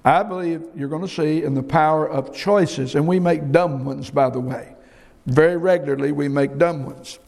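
A man's voice: on the high side, normal speed, creaky, darkish tone. A middle-aged man preaching a sermon, emphatic and folksy, often repeating his words. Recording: long hall reverb.

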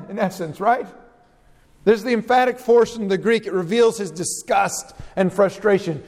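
A man's voice: high voice, lively intonation, normal speed, darkish tone, in a large hall. A male pastor preaching an expository sermon, reading scripture verses aloud and explaining them with emphasis.

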